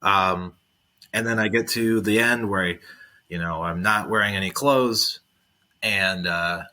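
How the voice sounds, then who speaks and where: A man's voice: lowish voice, measured pace, sharp tone. A man talking as a comedian guest in casual chat, rambling with many fillers.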